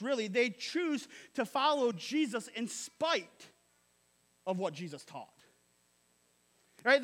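A man's voice: very high voice, a bit bright. A male pastor preaching a sermon in an emphatic, casual way, repeating phrases and tagging lines with "right?". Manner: casual, slangy asides.

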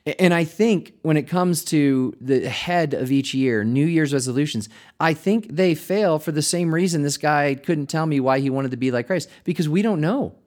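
A man's voice: fairly high pitch, moderate pace, darkish tone. A man, a pastor, hosting a podcast with a reflective, conversational monologue, laughing lightly and restarting his words.

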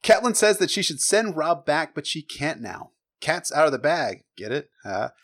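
A man's voice: on the high side, normal speed. A man hosting a podcast, recapping a book chapter in a casual, joking, sarcastic way, swearing and acting out the characters' lines. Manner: lively, sarcastic, swears freely, acts out quotes. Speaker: podcast host.

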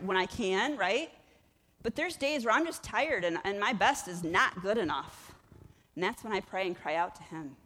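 A woman's voice: mid-range voice, fairly bright tone, in a large hall. A woman pastor preaching a sermon in a church, conversational and emphatic, rising and falling in intensity.

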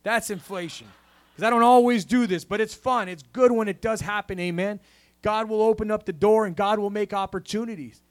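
A man's voice: high-pitched, brisk. A man preaching a sermon in a church, punctuating with a call of "amen?" and a rising preacher cadence. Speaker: pastor.

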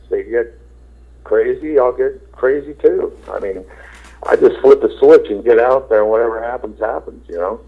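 A man's voice: mid-range voice, normal speed, slightly rough. A middle-aged man, a rock singer, telling rambling, laid-back stories with swearing in an interview, acting out quotes. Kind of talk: casual storytelling interview. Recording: tinny phone line.

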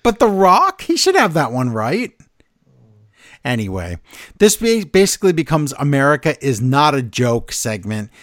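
An excitable man co-hosting a casual podcast, retelling events with a lively, swooping voice. He is recorded close and dry, with no room sound. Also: a little high, normal speed, no room sound. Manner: excitable storyteller, recaps scenes and acts out quotes. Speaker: podcast co-host. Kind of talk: casual wrestling podcast chat.

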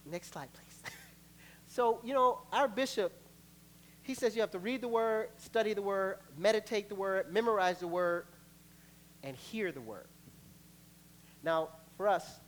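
A man preaching as a pastor in a church, his voice sitting a little high for a man. He talks in a lively, playful way, acting out bits of dialogue, with a faint hum underneath the recording. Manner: lively, playful preaching with laughs and acted-out quotes. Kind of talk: sermon. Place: church sanctuary.

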